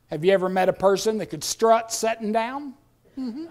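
In a church sanctuary, a middle-aged pastor with a high-sitting voice preaches animatedly at a moderate pace. He tells stories and acts out voices, swinging from hushed asides to outright shouting.

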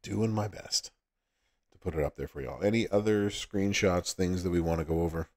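A man's voice: low voice, quick pace, a little mellow. A man with a Southern US accent hosting a livestream, chatting casually with viewers and laughing often. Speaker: livestream host.

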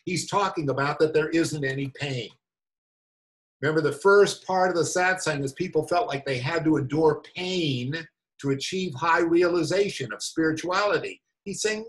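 A man's voice: on the high side, normal speed, low-quality recording. A man giving a rambling, incredulous commentary as a meditation teacher. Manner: animated, incredulous, rambling asides. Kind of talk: reading and commentary on a spiritual talk.

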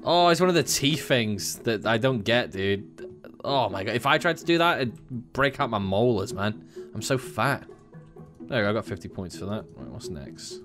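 A young man hosting a gaming video, chatting casually with friends, excitable, swearing and laughing often. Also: fairly low pitch, normal speed. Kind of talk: casual gameplay chat with friends. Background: game music.

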